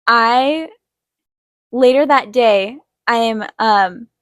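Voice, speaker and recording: A young woman shares a personal story while she draws, chatty and lively, and she lifts her voice to act out what people said. Her pitch sits in a middle range. The sound is dry and close. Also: a little slow, dry recording. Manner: chatty, animated, acts out quotes in a higher voice. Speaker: art channel host. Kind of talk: casual storytelling while drawing.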